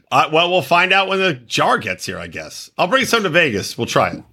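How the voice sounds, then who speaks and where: A man's voice: a little high, big pitch swings, normal speed, pushed and bright, slightly rough. A man co-hosting a podcast, talking in profane, joking casual banter. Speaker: podcast co-host.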